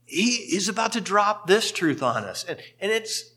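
Bright-voiced man preaching a sermon. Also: normal speed. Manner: animated storytelling with sudden rises in pitch and volume. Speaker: pastor.

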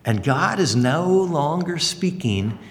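Animated folksy preacher in a reverberant hall. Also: male voice, on the high side, slow. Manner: animated, folksy and conversational, leaps up for exclamations. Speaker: pastor. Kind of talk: sermon.

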